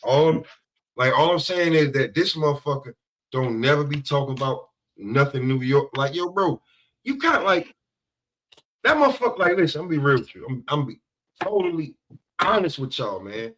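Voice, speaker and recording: A man's voice: on the high side, animated, normal speed, fairly bright tone, low-quality recording. A man co-hosting a sports talk podcast, ranting in a loose, profane way and leaning on "bro". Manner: profane, rambling, heavy on "bro". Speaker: podcast co-host. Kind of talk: casual trash-talk chat.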